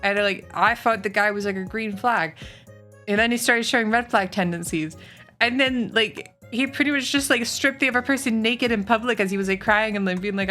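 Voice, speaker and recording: A woman's voice: fairly high pitch, a little fast, faint music behind. A woman streamer chatting casually with her chat, ranting with lots of swearing and filler. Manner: chatty, swearing, animated rants.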